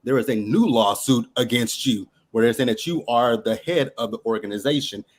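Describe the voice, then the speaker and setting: A man's voice: medium pitch, normal speed. A man calling in to a talk show, chatting casually and making his points emphatically with a string of rhetorical questions. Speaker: caller. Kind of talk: casual chat.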